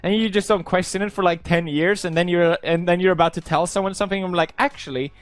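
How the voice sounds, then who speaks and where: Young man, from Sweden, playful, sarcastic, laughs a lot, slightly high pitch, dry close sound. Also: fairly even intonation, quick pace, smooth, no echo. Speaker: YouTuber reading posts. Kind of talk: casual commentary reading posts.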